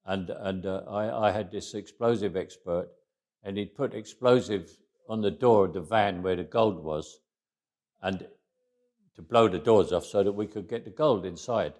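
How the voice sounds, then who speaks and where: An older Englishman with a London accent and a very low voice tells stories in a relaxed interview at a moderate pace. His wry, anecdotal style has him often stopping to restart a phrase before slipping into quoted dialogue.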